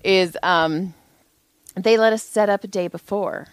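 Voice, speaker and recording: A woman co-hosting a casual chat, animated and swearing freely as she acts out what people said. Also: medium pitch, a little slow, clear, resonant tone, no room sound. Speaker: podcast co-host.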